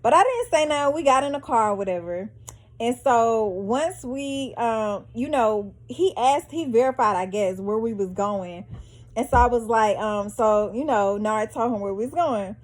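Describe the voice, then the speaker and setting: Animated young woman telling a story. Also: on the high side, moderate pace. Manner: animated, dramatic storytelling addressing viewers as y'all. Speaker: vlogger. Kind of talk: storytime vlog.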